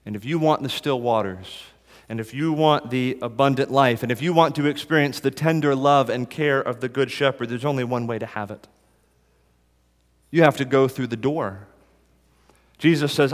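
A male pastor delivering a sermon at a mid pitch. His delivery moves between quiet, slowed passages and loud, rising appeals to the listener. The voice carries the long reverb of a large hall. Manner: swings from soft and slow to loud and rising in appeals.

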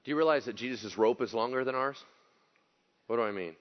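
A male pastor preaching a conversational sermon, animated and joking. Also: medium pitch, fairly quick, muffled recording. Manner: animated, joking, acts out quotes.

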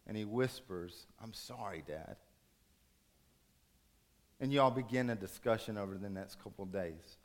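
A man preaching a sermon, telling a story dramatically, rising to urgent raised passages and dropping to hushed soft ones. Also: lowish voice, fairly quick, hardly any pauses.

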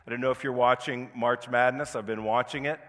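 A man's voice: medium pitch, fairly even intonation, fairly quick, a bit bright. A male pastor preaching a sermon in a conversational way, now and then acting out indignant voices. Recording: long hall reverb.

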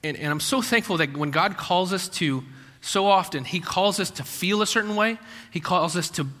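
A man's voice: high-pitched, moderate pace, bright, forceful tone. A man preaching a sermon in a conversational way, full of rhetorical questions and acted-out quotes. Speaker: pastor. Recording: long hall reverb.

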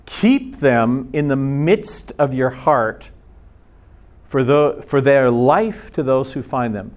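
A middle-aged man delivers a sermon in a relaxed, conversational way. He tells stories and throws in casual asides, speeding up in quick bursts. His voice sits at an ordinary, middle pitch for a man. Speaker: preacher.

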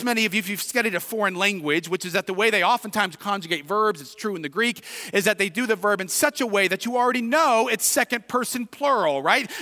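A male pastor with a Midwestern American accent preaching a sermon, moving from quiet reflection to shouted emphasis. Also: sits high. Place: church sanctuary. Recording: reverberant hall, distant at times.

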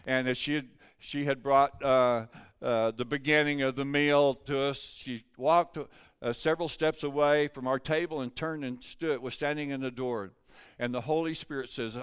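An older male pastor tells a story from the pulpit in a folksy, conversational way. His voice is smooth and resonant, sitting at an ordinary middle pitch for a man. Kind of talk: storytelling sermon.

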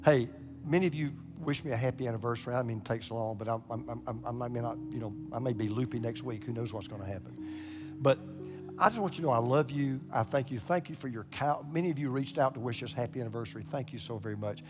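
An older man preaches at his congregation, telling a personal story with lively energy, stumbling and repeating words as he gets worked up. His voice sits at an ordinary middle pitch, and guitar music plays clearly underneath him. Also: quick pace. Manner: animated, repeats words when excited, acts out quoted voices. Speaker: pastor. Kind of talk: sermon storytelling.

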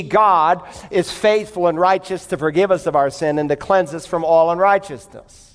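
Male pastor, higher register, emphatic storytelling sermon delivery, reverberant hall sound. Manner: storytelling preacher, emphatic and conversational.

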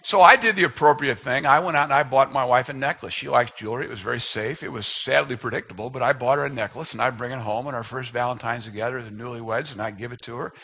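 A man's voice: medium pitch, fast talker, gravelly, hardly any pauses, bright, forceful tone, slight background noise. A man in his fifties, a speaker telling a self-deprecating, humorous personal story as part of a sermon.

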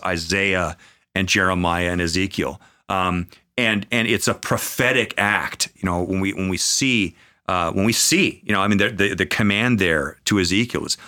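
A man speaking as a pastor in a conversational podcast, earnest, with many fillers, slowing into a preaching cadence at times. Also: low-pitched, sharp tone. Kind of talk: conversational podcast talk on faith.

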